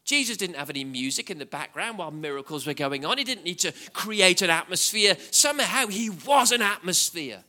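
Man preaching, bright tone, fairly high voice, passionate and animated. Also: a little fast, few pauses. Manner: impassioned, swings from loud shouting to hushed low tones; animated, repeats words when excited. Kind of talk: sermon.

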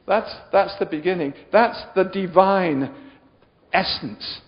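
A man's voice: sits high, measured pace. Chatty, jokey male preacher in a reverberant hall. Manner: chatty, jokey, asks the audience questions. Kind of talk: sermon. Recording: dull lo-fi sound with long hall reverb.

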